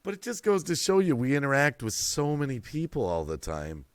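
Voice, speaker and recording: This middle-aged man runs a late-night stream full of stories, frequent laughter and shout-outs to the chat. His medium-pitched voice is clear and resonant, a little fast, with clean studio sound and no room noise.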